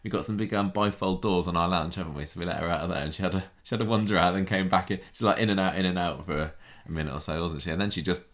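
A man's voice: deep voice, rapid-fire, few pauses, a bit bright. A man co-hosting a podcast in casual chat, joking and laughing often. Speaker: podcast co-host.

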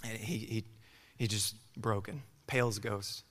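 A young adult man preaching his testimony in a church, halting and repeating words, moving from hushed speech to loud preaching. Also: on the low side, steady tone. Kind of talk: sermon testimony. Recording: hall reverb.

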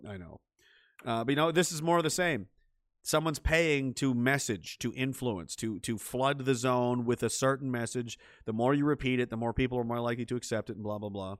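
A man's voice: medium pitch, brisk, a bit bright, dry recording. Sarcastic, profane male ranter, dry voice. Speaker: livestream commentator. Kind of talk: ranting political commentary, reading chat.

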